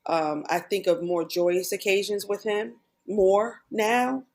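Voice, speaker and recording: A woman's voice: medium pitch, steady tone, takes it slowly, darkish tone. A middle-aged woman talking earnestly as a podcast guest, often retelling conversations in quoted bursts. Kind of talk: candid personal conversation.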